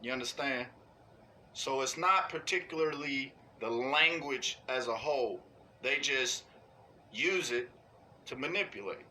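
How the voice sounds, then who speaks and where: An online ranter goes off unscripted, blunt and profane, constantly asking "you know what I'm saying" and mocking others in high, put-on voices. His delivery is a little slow, pushed and bright, and there's a slight hiss or hum on the audio.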